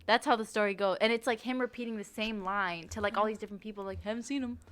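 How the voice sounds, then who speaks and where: A young woman co-hosting a podcast, telling a childhood story in casual chat, laughing and swearing as she gets animated. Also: mid-range voice, quick pace. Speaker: podcast co-host.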